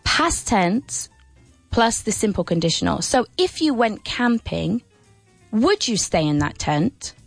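A woman teaching English on the radio in a mid-pitched, close, dry voice. She is playful and laughs often, swinging her questions up and down in an exaggerated sing-song. Faint music sits under her. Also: slow, gravelly, dry recording. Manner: lively, playful, with many laughs. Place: radio studio.

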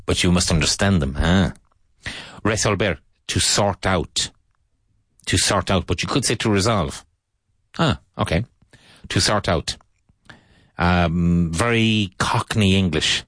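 A man from Ireland runs an English vocabulary lesson, speaking slowly and repeating each term for his learners. His voice sits very low. The recording is dry and close, with no room sound. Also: a bit bright, husky, dry recording. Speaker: English teacher.

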